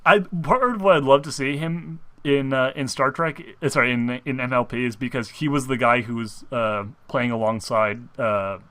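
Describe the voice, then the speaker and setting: A man's voice: mid-range voice, moderate pace, few pauses, bright, forceful tone, no room sound. A young man co-hosting a casual fan talk show, rambling with lots of fillers and restarts. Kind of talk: casual chat.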